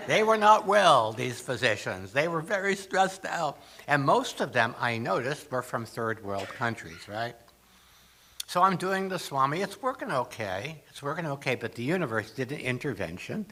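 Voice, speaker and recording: A man's voice: mid-range voice, very animated, moderate pace, pushed and bright. An older man speaking as a guest at a spiritual gathering, telling humorous stories with acted asides. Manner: storytelling with jokes and acted asides. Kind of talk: humorous talk to a congregation.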